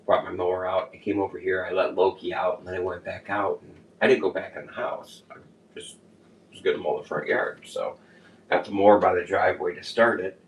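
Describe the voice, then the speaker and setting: A man co-hosting a podcast in casual chat, rambling and animated, often laughing as he tells stories. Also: low-pitched, brisk, a little hiss or hum. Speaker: podcast co-host. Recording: echoey room, distant mic.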